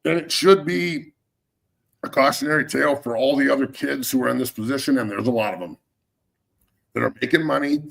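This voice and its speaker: A man's voice: medium pitch, brisk, gravelly, a bit bright. A middle-aged man hosting a sports talk show, ranting in a heated, profane way and getting fired up. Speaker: podcast host.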